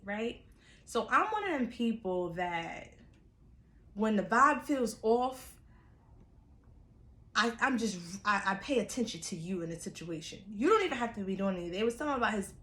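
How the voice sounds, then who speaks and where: A young woman vlogger from New York, telling a storytime in a chatty, animated way with casual slang. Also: mid-range voice, echoey room.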